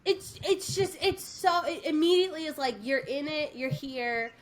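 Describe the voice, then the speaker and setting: A woman's voice: high voice, normal speed. A woman co-hosting a podcast, chatting casually and enthusiastically with many fillers and restarts. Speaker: podcast co-host. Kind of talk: casual chat.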